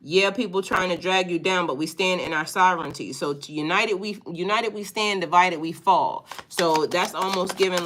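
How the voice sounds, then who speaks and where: A woman's voice: fairly low pitch, a bit bright, a little hiss or hum. A woman giving a casual, chatty live-stream tarot reading, laughing often and reading out viewer comments. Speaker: tarot reader.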